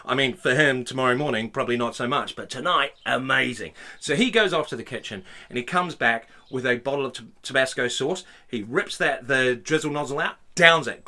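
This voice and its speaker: A man telling a stand-up story with animated swings between loud outbursts and low mutters. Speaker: stand-up comedian.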